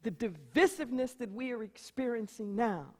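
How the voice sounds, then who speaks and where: A middle-aged woman pastor preaching a sermon, repeating her phrases for emphasis and swinging from loud declarations to hushed storytelling. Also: fairly high pitch, animated, moderate pace, big-room sound.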